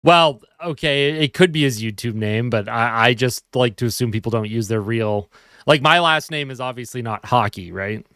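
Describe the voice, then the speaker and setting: A man's voice: medium pitch, normal speed, fairly bright tone, clean tone, dry recording, studio quality. A man hosting a casual live fan stream, chatting and answering viewer comments while sleepy and yawning at home. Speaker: livestream host.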